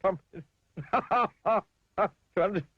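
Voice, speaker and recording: A man's voice: sits high, drawn-out words, slightly rough, no echo, highs cut off, pitched above the performer's own voice, heavily acted. A man voicing a jolly, accident-prone storybook character who giggles, bumbles and makes puns.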